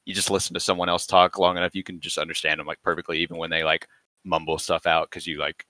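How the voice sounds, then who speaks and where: A man in his twenties with a very low voice and a bright, forward tone, rambling fast in casual podcast chat. He fills his sentences with "like". The sound is dry. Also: flat delivery, no echo. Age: 20s. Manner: rambling, heavy use of "like". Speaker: podcast guest.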